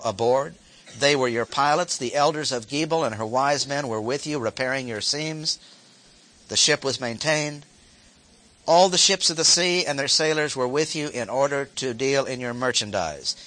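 A man's voice: mid-range voice, sharp tone. A man teaching a Bible lesson, reading verses aloud and stopping to explain them with short asides and repeated key phrases. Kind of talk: expository Bible lecture.

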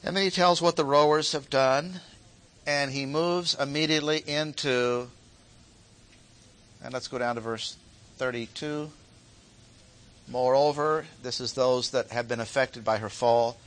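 A man's voice: mid-range voice, steady tone, unhurried, pauses often, fairly bright tone. A man teaching a Bible lesson, reading verses aloud and stopping to explain them with short asides and repeated key phrases. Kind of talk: expository Bible lecture.

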